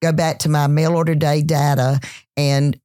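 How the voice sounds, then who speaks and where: A woman with a Southern US accent, a chef and entrepreneur telling her story in a casual interview, animated and full of restarts. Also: deep voice, moderate pace, no echo, studio quality. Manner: animated, many restarts and "you know"s. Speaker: celebrity chef and entrepreneur, guest.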